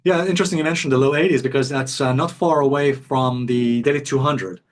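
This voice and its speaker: A man's voice: medium pitch, fairly even intonation, brisk, no room sound. A man hosting a casual market commentary vlog, chatty and explaining step by step to viewers while walking city streets. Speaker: trading video host.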